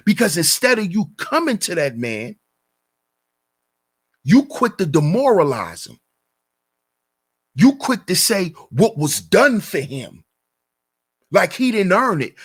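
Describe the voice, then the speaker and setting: A man's voice: high-pitched, breathy edge. A man hosting his own channel, giving an emphatic commentary rant full of repeated rhetorical questions. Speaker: channel host.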